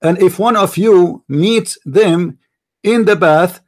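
A man's voice: high-pitched, slow pace. A man whose first language is Arabic, hosting a heated live online debate, taunting and repeating himself as he talks over his opponent. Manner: taunting, repetitive, talks over the other speaker. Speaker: debate host.

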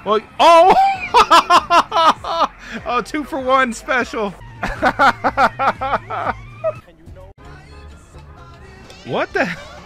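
A young man streaming a video game, laughing constantly, swearing freely and bursting out in excitement. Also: very high-pitched, extremely slow, long pauses, over music. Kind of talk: casual gameplay commentary.

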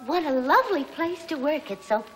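A woman's voice: high-pitched, lively intonation, normal speed, fairly bright tone, soft background music, poor audio. An actress playing a doting, chatty housewife mother in her forties, with a gushing, sing-song manner. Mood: fussing. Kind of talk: film drama acting.

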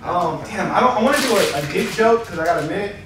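This fast-talking LA comedian has a voice that sits high, and he cracks himself up mid-line while telling blunt, foul-mouthed stories with plenty of animation. The set takes place in a small convention comedy room late at night. He's recorded without a microphone from across the echoey room, with the crowd laughing and calling out.

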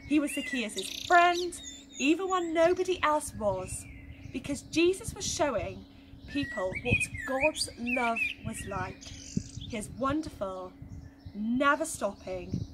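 A woman with a high voice tells a rhyming Bible story to young children, taking each line slowly and gently. Her delivery stays expressive and warm-paced for little listeners. Loud noise and birdsong sit behind the voice.

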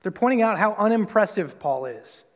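This pastor speaks expressively at a moderate pace, preaching to a church sanctuary in a casual style full of "like" and "right?". When quoting others he acts out their voices with sharp pitch jumps, all wrapped in long church hall reverb.

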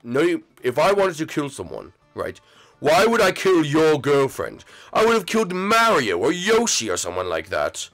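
A defensive, sulky turtle king mumbles his excuses in a fan roleplay, as a man voices him. He talks a bit lower and quieter than the other figures, with a gravelly, whiny edge. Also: huge pitch swings, normal speed, faint music behind, exaggerated voice.

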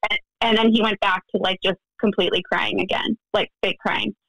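A woman guest on a podcast interview, recounting events in an animated way and acting out the voices of others. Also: medium pitch, brisk, vocal fry, no room sound, poor audio. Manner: animated storytelling, acts out quoted dialogue. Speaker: interview guest, friend of the deceased.

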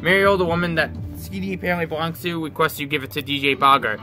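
A man's voice: on the high side, fairly even intonation, fast, sharp tone, soft background music, pitched above the performer's own voice. A man voicing a polite hotel concierge. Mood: courteous.

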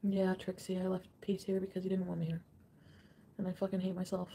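A woman's voice: on the low side, flat delivery, brisk, creaky, mellow, slight background noise. A woman live streaming, reading out viewer comments in an emotional way and swearing often.

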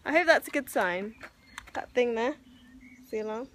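A woman's voice: a little high, expressive, moderate pace, fairly bright tone, slight background noise. A young woman chatting casually in a daily vlog, tired and a little out of breath, laughing often. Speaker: vlogger.

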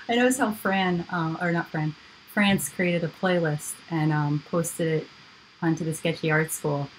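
A woman artist talks her way through a live painting session, chatty and goofy. Her voice sits a little low, with a faint hum of noise underneath. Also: measured pace, poor audio. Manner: chatty, goofy, talks to herself as she works. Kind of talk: casual chat while painting.

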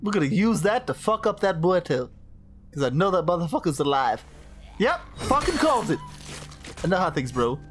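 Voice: medium pitch, sing-song, moderate pace, faint music behind. A game commentator cursing and reacting with strong emotion as he plays through a story game. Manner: profane, emotional outbursts. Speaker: gaming commentator. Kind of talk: let's play commentary.

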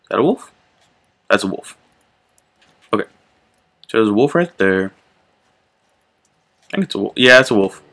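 A young man hosting his gaming channel, chatting casually and reacting out loud to the game as he plays. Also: on the low side, lively intonation, moderate pace, long pauses. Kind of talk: casual gameplay commentary.

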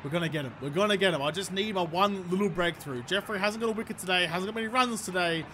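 A young man talks through a cricket game as he plays it. His voice sits high, and he swings between excitement and annoyance, swearing freely. A clear hiss of noise runs under the recording. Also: fast talker. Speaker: gaming YouTuber. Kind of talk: gameplay commentary.

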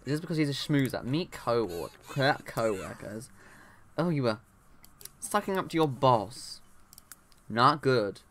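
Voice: mid-range voice, expressive, measured pace, pauses often, a bit bright, a little hiss or hum. A young adult chatting casually through a life-sim playthrough, rambling, talking to the game characters and often trailing off mid-sentence. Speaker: let's play gamer. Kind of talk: casual gameplay commentary.

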